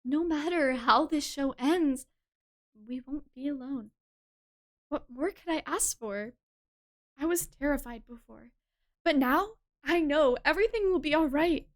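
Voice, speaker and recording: A woman voicing a tender, sleepy young female sweetheart in a dating sim, speaking softly and hushed. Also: sits high, a little slow. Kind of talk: reading a dating sim aloud.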